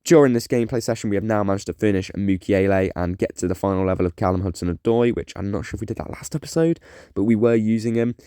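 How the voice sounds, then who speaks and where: A man giving casual, self-mocking commentary over his own football game, getting excited at goals. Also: lowish voice, fast talker, smooth, no room sound, studio quality. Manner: chatty, self-mocking, excitable when scoring. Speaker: gaming YouTuber.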